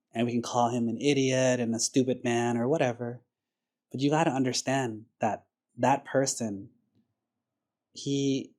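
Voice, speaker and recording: A man's voice: medium pitch, a little mellow. A man, a Buddhist monk, giving a sermon in a conversational storytelling way, sprinkling in casual fillers. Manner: conversational, uses casual fillers like "like" and "you know"; storytelling, acts out quoted characters.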